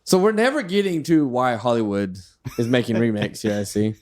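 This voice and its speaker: A man's voice: medium pitch, brisk, darkish tone. Laid-back young man, slightly worn voice. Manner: laid-back, joking, swearing. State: voice still recovering from illness. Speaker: podcast co-host. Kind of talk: casual chat.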